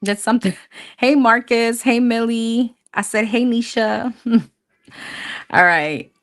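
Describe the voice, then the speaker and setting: A woman's voice: a little high, slow, a bit bright. A woman doing a live tarot reading, talking bluntly and casually, swearing freely and calling her viewers honey. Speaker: tarot reader.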